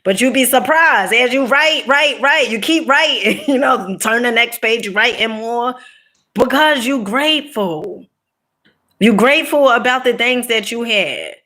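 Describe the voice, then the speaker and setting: A woman's voice: on the high side, animated, measured pace, bright, forceful tone. A middle-aged woman giving a casual motivational talk, preachy and direct, coaxing her listeners with frequent "okay?" and "you know", laughing between points. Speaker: motivational speaker.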